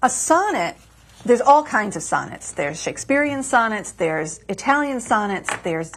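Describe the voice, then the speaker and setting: Husky-voiced woman explaining poetry. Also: on the high side, very animated, normal speed, a bit bright. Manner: patient, explanatory, chants rhythms aloud. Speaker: poet and guest author. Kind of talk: reading a poem and explaining verse form. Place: community TV studio.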